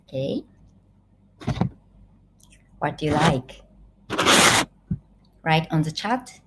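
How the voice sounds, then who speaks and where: A woman from eastern Japan with a Japanese accent, teaching a live online language class and patiently saying each word slowly for learners to repeat. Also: lowish voice, a little hiss or hum. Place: home, living in Thailand.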